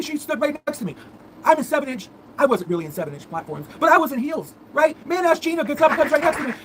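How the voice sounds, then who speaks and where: A woman on a commentary stream tears into her target with repetitive, theatrical insults. Her voice sits high and the words come out very quickly. Faint background noise runs under her. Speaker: guest commentator. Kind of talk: heated rant.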